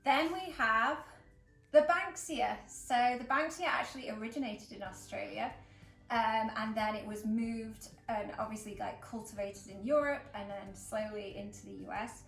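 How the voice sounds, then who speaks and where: A woman's voice: fairly high pitch, normal speed, creaky. A woman from England, hosting a casual flower-arranging demonstration in a chatty, upbeat way with plenty of fillers. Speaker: florist host. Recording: roomy echo, mic at a distance, faint background music.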